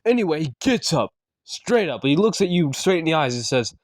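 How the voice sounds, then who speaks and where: A man's voice: on the high side, very animated, brisk, no echo. Rambling young man telling silly creepypasta. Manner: rambling, self-correcting, jokey. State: slightly hoarse. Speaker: narrator. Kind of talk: improvised comedic creepypasta storytelling.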